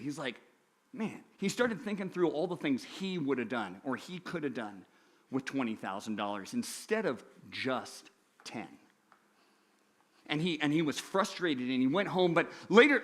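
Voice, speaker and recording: Bright, animated young man telling a sermon story. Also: fairly high pitch. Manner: animated storyteller, acting out voices. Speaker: youth pastor.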